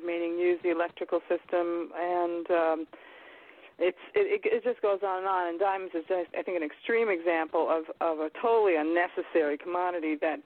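Call-in host, mid-pitched voice, phone-line sound, slow hesitant delivery full of "uh". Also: no echo. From lives in France. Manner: hesitant, many "uh" and "um" pauses. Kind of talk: casual call-in conversation.

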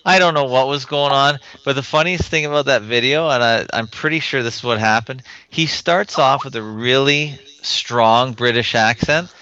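A man's voice: medium pitch, moderate pace, hardly any pauses, sharp tone. A man hosting a casual chat, speaking plainly and emphatically. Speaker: host. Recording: dry, muffled lo-fi audio.

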